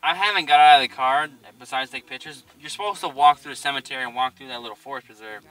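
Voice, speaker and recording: A young man casually telling a spooky story, animated and profane, laughing often. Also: medium pitch, fast. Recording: distant mic.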